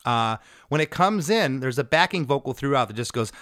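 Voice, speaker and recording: A man's voice: mid-range voice, animated, a little fast, a bit bright, dry recording, clean studio sound. A man hosting a casual music chat, enthusiastically breaking down a song and quoting its lyrics in playful voices. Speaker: podcast host.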